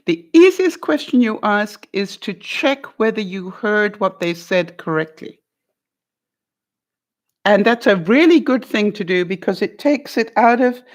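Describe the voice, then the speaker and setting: A woman hosts an advice vlog, coaching a guest through a hard conversation in a mid-pitched voice. She is encouraging and playful, laughs often, and keeps checking in with "all right?" and "makes sense?". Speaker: vlogger giving life advice.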